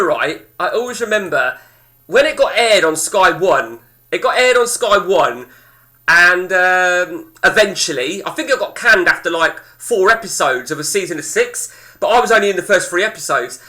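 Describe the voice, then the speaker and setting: A high-voiced man in his forties, chatting casually to his stream viewers. He swings up and down in pitch as he rambles through a story, swearing freely, and his voice has a bright, forceful edge. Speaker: game streamer.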